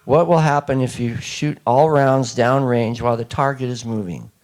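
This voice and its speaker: A man's voice: medium pitch, moderate pace, darkish tone. A man giving a public lecture, emphatic and repeating key points, often putting questions to the audience. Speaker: speaker addressing an audience.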